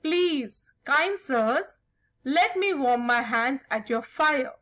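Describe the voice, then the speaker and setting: A woman's voice: high-pitched, animated, slow, pushed and bright, full character voice. A woman reading as a meek young girl. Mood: pleading.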